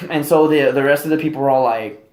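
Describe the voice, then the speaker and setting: A man's voice: medium pitch, fast talker, darkish tone. A man co-hosting a podcast, telling a story in casual, profane chat and acting out quotes in raised, heated voices. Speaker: podcast co-host. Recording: roomy echo.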